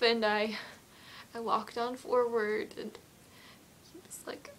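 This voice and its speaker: A woman's voice: a little high, slow pace, long pauses. Giggly, rambling young woman vlogger. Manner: excitable, emotional storytelling. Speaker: vlogger answering fan questions. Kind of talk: casual Q&A vlog. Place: at home with her cat.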